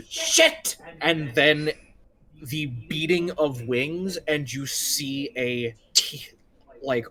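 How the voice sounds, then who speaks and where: Running a tabletop session as game master, this man narrates in a mid-range voice, easygoing and meandering, with frequent fillers.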